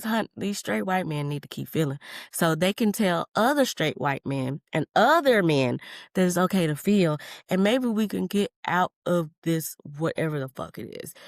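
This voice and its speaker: Woman in her thirties, podcast host, low-pitched, dry close sound, candid, profane, tangent-prone. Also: dry recording. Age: 30s. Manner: candid, profane, calls listeners honey; jumps between tangents. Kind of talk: solo podcast monologue.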